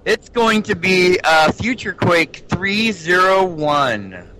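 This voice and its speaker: A man guest in casual chat who has a lisp on his S and TH sounds because he speaks without teeth, excitable, calling people "baby". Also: sits high, takes it slowly, background noise. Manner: excitable, calls others "baby".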